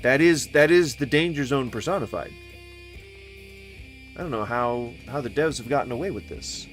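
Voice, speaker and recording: A man's voice: medium pitch, normal speed, soft background music. Goofy rambling man playing a game. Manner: goofy, rambling, sing-song wordplay, sudden mock yelling. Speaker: gaming streamer. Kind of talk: casual let's-play commentary.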